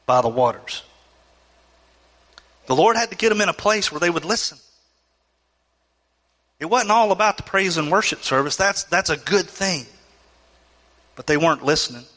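A man's voice: a little high, bright, forceful tone, big-room sound. A man preaching a sermon, reading scripture and acting out the people's complaints with rising, pleading emotion. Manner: acts out complaining voices, rising emotional pleas. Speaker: pastor.

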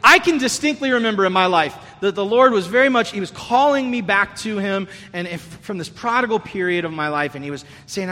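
A man's voice: high voice, lively intonation, brisk, few pauses, sharp tone. A man preaching a sermon as pastor, earnest and conversational, often restarting his phrases. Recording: long hall reverb.

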